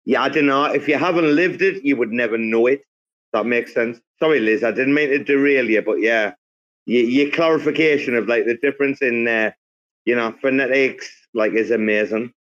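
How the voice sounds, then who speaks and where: A man's voice: medium pitch, normal speed, a bit bright, muffled recording. A man from England hosting a casual group chat, rambling with lots of fillers and restarts. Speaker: host. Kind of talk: casual group chat on a live audio space.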